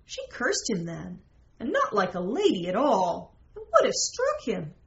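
Woman, narrator, storybook reading, measured, old-fashioned, slow, middle pitch. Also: wildly swooping pitch, vocal fry, dull audio.

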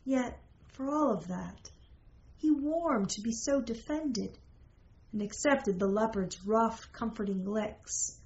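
A woman narrating a storybook in a measured, old-fashioned storytelling manner. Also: fairly high pitch, a little mellow, highs cut off, slight background noise. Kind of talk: storybook reading.

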